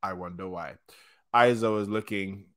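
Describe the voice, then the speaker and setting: A young man hosting a casual manga reaction, excitable and slangy, often stopping to correct himself. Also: on the low side, normal speed. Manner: excitable slangy chatter, frequent restarts.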